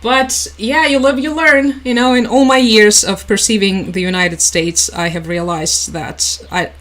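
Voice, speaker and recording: A young woman with a mid-range, slightly bright voice chats on a casual live stream, laughing often and reading viewer comments aloud. Her intonation is fairly even and she speaks unhurriedly. The recording is rough.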